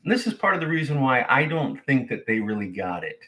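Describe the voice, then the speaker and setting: A man's voice: mid-range voice, big pitch swings, fairly quick, bright, forceful tone. A man pastor preaching a sermon in a conversational way, full of fillers and restarts. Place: church sanctuary. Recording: echoey church sanctuary.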